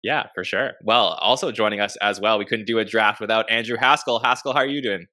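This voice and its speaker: A man's voice: lowish voice, brisk, sharp tone. A man hosting a podcast, introducing each guest in an upbeat, casual way. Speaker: podcast host.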